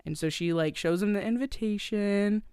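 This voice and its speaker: A woman co-hosting a podcast, recapping a movie in casual, profane, animated storytelling. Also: medium pitch, normal speed, clean tone, no room sound, studio quality. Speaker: podcast co-host.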